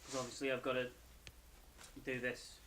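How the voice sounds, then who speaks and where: A young man talks through an anime episode in a loose, rambling way, often correcting himself mid-sentence. He sounds tired and keeps yawning. His voice sits at a plain middle pitch. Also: completely flat delivery, moderate pace, fairly bright tone, a little hiss or hum. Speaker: anime reviewer. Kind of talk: casual episode review.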